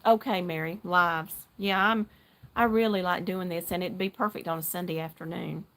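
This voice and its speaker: A middle-aged woman from North Carolina hosts a casual livestream from her outdoor deck. She is chatty and excitable, and she greets her viewers one by one by name. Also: fairly low pitch, moderate pace. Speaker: livestream host. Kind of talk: casual live chat while knitting.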